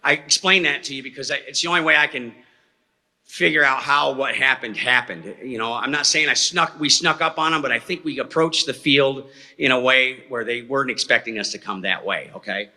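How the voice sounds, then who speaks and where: A man's voice: mid-range voice, fairly quick, pushed and bright. A man telling a story to a live audience in a folksy, rambling way, often checking in with "okay?". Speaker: eyewitness speaker at a talk. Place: hall before an audience. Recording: reverberant hall sound.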